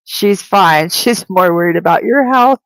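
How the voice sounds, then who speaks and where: A woman's voice: lowish voice, expressive, a little slow, dry recording, rough recording. A woman working as a psychic medium who gives a live-streamed spirit reading. She talks in a chatty, rambling way, full of "like," with light laughter.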